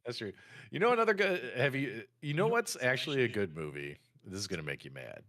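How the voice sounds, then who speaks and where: A man guesting on a gaming podcast, telling stories in an animated, joking way. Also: medium pitch, brisk. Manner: animated, laughing storyteller. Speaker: guest YouTuber. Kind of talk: casual podcast chat.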